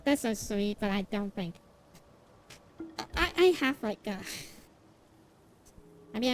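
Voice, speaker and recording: A woman's voice: mid-range voice, a little mellow. A young woman streamer chatting casually while gaming, rambling and self-deprecating with lots of restarts and fillers, and laughing often.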